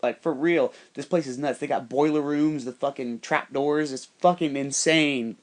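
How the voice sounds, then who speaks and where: A man spins a long personal story in a loose, rambling way, swearing freely. He keeps slipping into quick impressions of the people he talks about. His voice sits at an ordinary middle pitch. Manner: profane, rambling, animated quoting of others. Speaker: podcast storyteller. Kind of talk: casual storytelling monologue.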